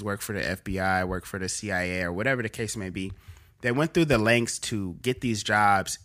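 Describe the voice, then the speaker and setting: A young man with a lowish, bright voice co-hosts a laid-back podcast chat. He thinks aloud in long, winding sentences and keeps restarting his phrases. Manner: rambling, many fillers and restarts, reflective. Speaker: podcast co-host. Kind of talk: casual chat.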